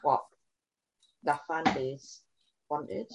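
A woman in casual podcast chat, soft-spoken and ending her points with questions. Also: low-pitched, fairly even intonation, takes it slowly, muffled recording, background noise.

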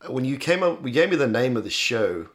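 A man's voice: mid-range voice, sing-song, a little fast. Easygoing man, casual podcast chat. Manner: easygoing, self-deprecating, hesitant. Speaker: podcast co-host.

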